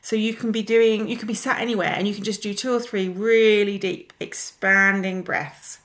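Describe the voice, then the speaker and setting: Calm woman guiding breathing exercises. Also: mid-range voice. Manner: calm, gently instructive, slows down to guide exercises. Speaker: wellness teacher. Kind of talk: guided breathing lesson.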